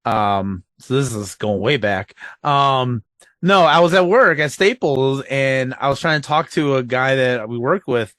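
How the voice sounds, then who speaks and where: A man's voice: medium pitch, lively intonation, measured pace, a bit bright, dry recording. A young man with a Chicago accent hosting a podcast in casual chat, rambling with many ums and small laughs. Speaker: podcast host.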